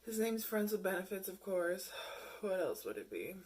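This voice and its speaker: A woman's voice: medium pitch, sing-song, normal speed, darkish tone, husky. A young woman vlogging casually, telling frank, profane stories and mocking messages with bursts of laughter. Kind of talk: casual storytelling to camera.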